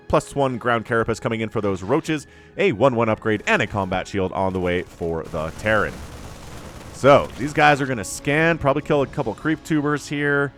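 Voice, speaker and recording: A man giving solo play-by-play commentary on a strategy game, excitable and jokey, talking straight to his viewers. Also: medium pitch. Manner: excitable, talks to viewers directly, jokey asides. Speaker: esports caster.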